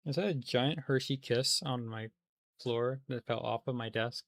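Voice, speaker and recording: A man's voice: mid-range voice, normal speed, a bit bright, dry recording. A man chatting casually on a livestream while he plays a game, rambling with many fillers and restarts.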